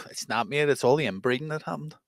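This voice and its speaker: A man's voice: medium pitch, brisk, gravelly, dry recording, clean studio sound. A man with a Northern Irish accent co-hosting a podcast, blunt and joking, swearing often. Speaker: podcast co-host. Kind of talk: casual banter.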